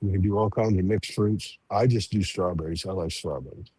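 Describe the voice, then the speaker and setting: A man chatting casually as co-host, explaining things slowly with many restarts. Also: deep voice, warm tone, slightly rough, no room sound. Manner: halting, restarts sentences, drawn-out explaining. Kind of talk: casual chat.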